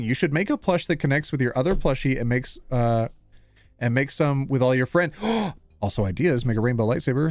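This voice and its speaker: A man's voice: fairly high pitch, dry recording. A man from Canada, a streamer in casual live-stream chat, bubbly and playful with a lot of laughter.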